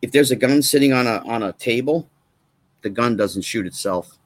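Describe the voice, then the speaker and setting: A man's voice: mid-range voice, moderate pace. A man talking as a guest in a casual chat, emphatic and repetitive, firing off rhetorical questions.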